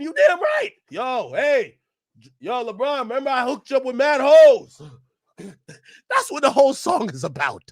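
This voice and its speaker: A man ranting loudly and profanely to his chat during a live stream reaction. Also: very high-pitched, sing-song, moderate pace, no echo, studio quality. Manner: loud, profane ranting, often shouting; talks to his chat and laughs between bits.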